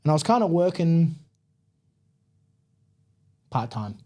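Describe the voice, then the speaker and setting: An Australian man telling his story as a podcast guest, chatty and relaxed, with plenty of "like" and "man" in his talk. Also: on the high side, slow pace. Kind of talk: casual interview storytelling.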